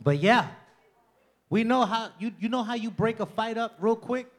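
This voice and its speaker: A man doing a stand-up comedy set in a club, loud and profane, working the crowd and mocking people with impressions. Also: sits high, moderate pace.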